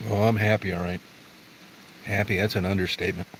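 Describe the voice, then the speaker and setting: A middle-aged man livestreams and answers his viewers with rambling, blunt, foul-mouthed chat. His low voice has little pitch movement and runs a little fast, with some hiss or hum on a low-quality recording.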